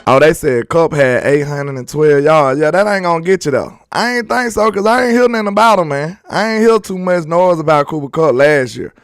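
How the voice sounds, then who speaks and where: A man's voice: a little high, brisk, few pauses, clear, resonant tone. A man hosting a sports live stream, chatting casually and reading viewer comments aloud in a laid-back, slangy, joking way.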